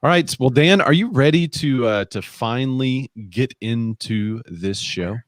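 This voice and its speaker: A man's voice: mid-range voice, expressive, a little slow, dry recording. A man co-hosting a live real estate show, chatting casually and reading viewer comments aloud. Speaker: podcast co-host.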